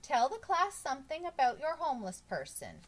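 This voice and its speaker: A woman doing a bright, brisk schoolteacher. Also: high voice, huge pitch swings, pitched above the performer's own voice. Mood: teacherly. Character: brisk female schoolteacher, correcting. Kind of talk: storybook read-aloud.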